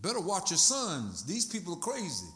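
A man with a high, bright voice preaches to his congregation. He mixes personal stories with emphatic, conversational delivery. The voice is forceful. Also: wildly swooping pitch, moderate pace. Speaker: pastor. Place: church sanctuary.

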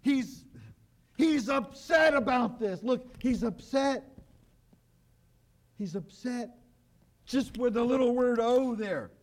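Emphatic high-voiced male preacher. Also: takes it slowly, pauses often. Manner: emphatic, swings from loud declarations to low quiet asides. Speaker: pastor. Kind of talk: radio sermon.

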